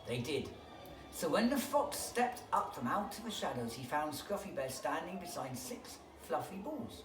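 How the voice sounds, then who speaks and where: A school reader telling a bedtime picture-book story with expressive, animated delivery. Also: medium pitch, moderate pace, over music. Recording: echoey room, distant mic, background noise.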